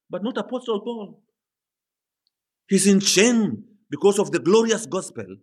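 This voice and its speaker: Male preacher, fairly high voice, very animated pitch, impassioned sermon delivery with drawn-out emphasis. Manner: impassioned, rising to high emphatic peaks on quoted words; slow, drawn-out emphasis on key phrases.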